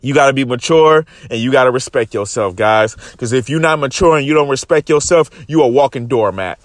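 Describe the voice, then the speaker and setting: A man's voice: mid-range voice, a little fast, no echo, studio quality. A young man telling a story into his phone in a fired-up, profane monologue, repeatedly addressing his viewers as "guys". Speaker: vlogger.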